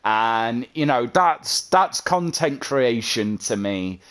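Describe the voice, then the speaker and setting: A man's voice: medium pitch, expressive, slow pace, fairly bright tone, clean tone. A man, a content creator, talking earnestly and at length in a vlog, often repeating himself. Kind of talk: heartfelt vlog monologue.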